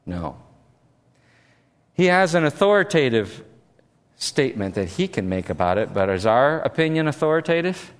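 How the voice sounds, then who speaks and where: Animated preacher man in an echoey hall. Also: medium pitch, normal speed, pauses often. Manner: animated storytelling with acted quotes. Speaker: pastor. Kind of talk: sermon.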